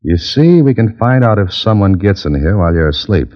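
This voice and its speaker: An actor playing a dry, wisecracking adventurer who also narrates, in 1940s radio acting. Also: male voice, fairly low pitch, big pitch swings, brisk. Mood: confident. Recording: dull old radio recording.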